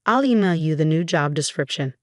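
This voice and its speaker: A woman's voice: sits low, expressive, brisk, no echo, studio quality. A woman reading as a falsely sweet HR lady. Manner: bright, practiced politeness.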